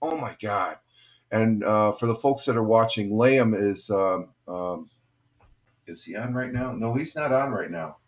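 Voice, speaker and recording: A man's voice: on the low side, unhurried. An older man hosting a casual morning livestream from home, rambling and chatty with lots of fillers. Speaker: livestream host.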